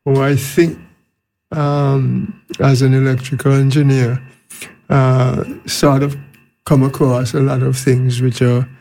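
A man speaking as a guest engineer, with a gravelly, dark voice and a flat pitch. He talks slowly and hesitantly, filling gaps with ums, over faint room ambience. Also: a little hiss or hum, rough recording. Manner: slow, hesitant, many fillers. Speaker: electrical engineer, panel guest.

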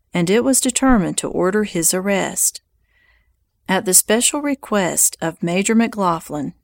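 A woman reads a history audiobook aloud in a measured, even way. Her middle-pitched voice has a gravelly edge of vocal fry. The recording is dry and close, with no room sound. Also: dry recording. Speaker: narrator.

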